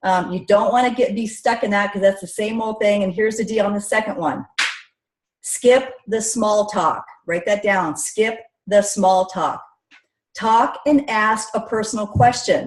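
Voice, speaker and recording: A woman's voice: medium pitch, moderate pace. Chatty upbeat lady coach, middle voice, kinda echoey room. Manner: upbeat, chatty, addresses listeners as guys. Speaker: network marketing coach. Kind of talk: motivational teaching talk.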